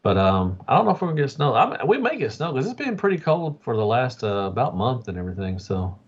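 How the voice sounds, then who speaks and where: A man's voice: medium pitch, sing-song, fast talker, breathy edge. A man from Arkansas with a Southern American accent, co-hosting a casual podcast chat and tagging his lines with "man" and "boy". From Arkansas, United States. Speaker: podcast co-host. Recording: dull lo-fi sound.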